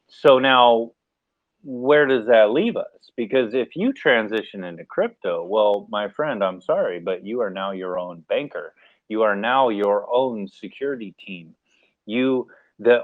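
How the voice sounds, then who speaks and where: An American man speaking as a panelist in a casual live discussion, animated and acting out little scenarios as he talks. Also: on the low side, no echo. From United States. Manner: animated, acts out mock scenarios, laughs. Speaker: AMA panelist. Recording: tinny phone-like line, dry.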